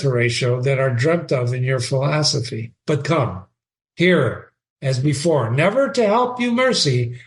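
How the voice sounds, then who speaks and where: Man reading as a brooding young prince. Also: a little high. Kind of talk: dramatic reading of a play.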